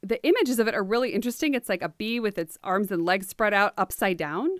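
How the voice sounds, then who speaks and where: An American woman hosting a podcast, telling facts in a casual, jokey way with quick asides. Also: mid-range voice, no room sound, studio quality. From United States. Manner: animated, jokey storytelling with asides. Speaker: podcast host.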